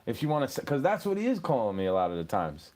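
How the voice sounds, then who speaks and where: A man's voice: mid-range voice, wildly swooping pitch, quick pace, a little mellow. A man in his thirties hosting a podcast, telling stories in a casual, rambling monologue. He swears freely and keeps laughing at his own jokes. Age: 30s. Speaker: podcast host.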